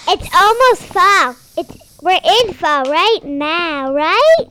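Young girl, giggly sing-song kid host, very high and unhurried. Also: very animated, pushed and bright. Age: child. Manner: silly, hums and scat-sings, giggly. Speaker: co-host of a kids' pre-show. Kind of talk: playful kids' chat with sing-song humming.

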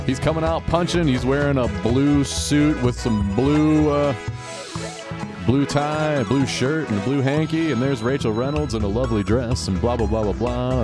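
A man hosting a podcast, giving sarcastic, mocking play-by-play of a TV game show with quick asides. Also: medium pitch, over music. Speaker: podcast host.

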